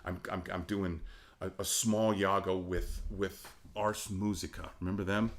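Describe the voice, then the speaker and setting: A man's voice: sits low, a little slow, slight background noise. A middle-aged man, an opera singer, telling stories in a casual interview, acting out the voices of the people in them and laughing often. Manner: animated, acts out quoted voices, laughs often. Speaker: guest, opera baritone.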